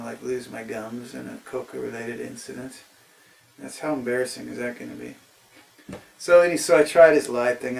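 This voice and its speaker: Rambling American man, gravelly and roomy. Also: mid-range voice, far from the mic, a little hiss or hum. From United States. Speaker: travel storyteller. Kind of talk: comic rambling anecdote.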